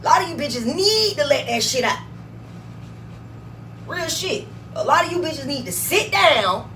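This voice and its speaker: Loud profane woman ranting into a phone. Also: high voice, animated, normal speed, recorded from a distance, slight background noise, rough recording. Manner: blunt, swearing, swings between mutters and loud bursts. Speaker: vlogger. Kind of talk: profane rant to camera.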